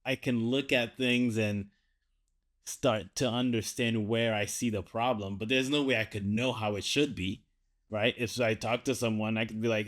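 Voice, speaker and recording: A man's voice: medium pitch, steady tone, a little slow, a bit bright. A man hosting a podcast, chatty and self-deprecating, who laughs easily. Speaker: podcast host. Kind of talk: casual podcast conversation.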